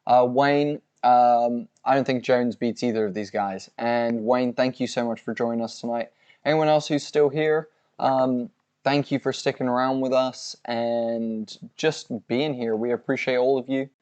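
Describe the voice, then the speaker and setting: A man's voice: mid-range voice, fairly even intonation, a little slow, darkish tone, clear, resonant tone, lo-fi sound. A man co-hosting a fight watch-along stream, signing off with rambling, effusive thanks and plenty of fillers. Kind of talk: casual livestream sign-off chat.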